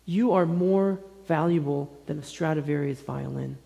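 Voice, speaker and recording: A man in his thirties delivers a sermon with a fairly high voice. He speaks gently and earnestly, in short phrases with many pauses. His words ring out with a long echo through a church hall. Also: vocal fry, lo-fi sound. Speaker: pastor. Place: church sanctuary.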